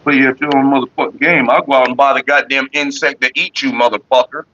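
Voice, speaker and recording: A man's voice: mid-range voice, fairly even intonation, fast, sharp tone. Profane man ranting at his desk. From Florida. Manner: profane, cussing out bugs. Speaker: streamer. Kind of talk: casual livestream rant. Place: room at a computer desk. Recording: dull lo-fi stream audio.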